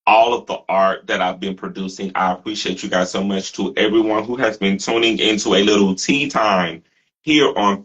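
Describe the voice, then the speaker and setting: A man's voice: lowish voice, a bit bright, husky, muffled recording. A man hosting a talk show, earnestly thanking his guest and viewers. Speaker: host. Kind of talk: casual talk show sign-off.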